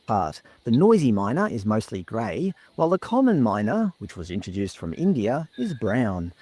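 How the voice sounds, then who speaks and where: A man's voice: on the low side, sing-song, moderate pace, warm tone. Sardonic man narrating. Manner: sardonic, mocking. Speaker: commentary video narrator. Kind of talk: scripted commentary narration.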